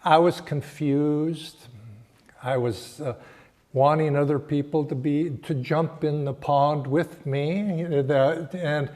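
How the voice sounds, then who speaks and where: Slow, reflective older man giving a sermon. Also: fairly high pitch, fairly even intonation. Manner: slow, reflective, halting phrasing with frequent restarts and soft laughs. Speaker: spiritual teacher giving a Sunday talk. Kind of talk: sermon with personal storytelling.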